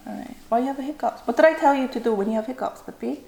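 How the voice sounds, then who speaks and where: A woman's voice: high-pitched, very fast, creaky, warm tone, echoey room. A woman chatting casually while making food at home for a mukbang vlog, rambling and joking to herself. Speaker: food vlogger. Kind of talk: casual mukbang cooking chat. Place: home kitchen.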